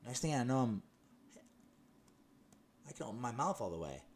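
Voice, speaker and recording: Speaking at a moderate pace in a mid-range voice, this man shares a personal testimony with excitement and emphasis. His storytelling is casual and full of laughter and many restarts.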